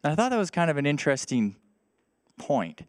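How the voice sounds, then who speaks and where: A man's voice: on the high side, big pitch swings, fairly quick, no room sound, clean studio sound. A man preaching a sermon to a church, talking in a conversational way and reading scripture aloud. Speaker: pastor. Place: church service.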